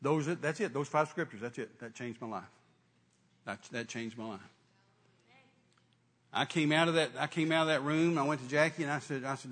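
An older man preaching a sermon, telling a folksy story that swings from hushed to shouting. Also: mid-range voice, quick pace, husky.

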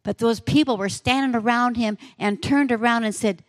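A woman's voice: on the high side, normal speed, hardly any pauses, no room sound, studio quality. A woman preacher delivering a sermon, telling a story in a vivid, dramatic way.

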